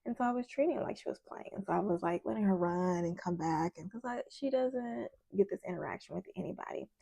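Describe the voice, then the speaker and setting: Gravelly, mellow-voiced woman storyteller. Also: on the low side, fast, dry recording. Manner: chatty, animated retelling with many asides. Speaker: tarot reader. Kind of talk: casual storytelling vlog.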